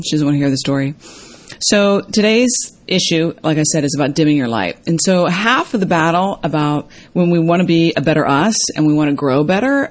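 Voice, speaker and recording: Chatty woman giving a casual self-help talk. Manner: chatty, many fillers, acts out quotes in a higher voice. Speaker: host.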